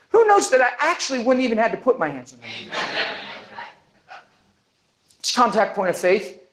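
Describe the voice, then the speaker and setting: A man preaching a sermon, telling a story with lively energy and acting out the people in it. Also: very high-pitched, normal speed, long pauses, rough recording. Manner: animated, acts out the people in his stories.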